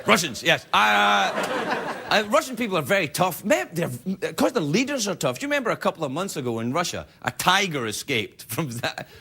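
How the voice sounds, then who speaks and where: A man's voice: high voice, sing-song, brisk, gravelly, a little hiss or hum. A man hosting a late-night talk show, delivering a joking comedy monologue with self-mocking asides in a TV studio. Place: TV studio with a live audience. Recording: loud studio audience laughter.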